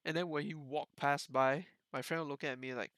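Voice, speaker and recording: A man's voice: fairly high pitch, steady tone, moderate pace, fairly bright tone, no echo. A young man hosting a podcast, telling a story in casual chat, rambling with lots of fillers and laughing often. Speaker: podcast host.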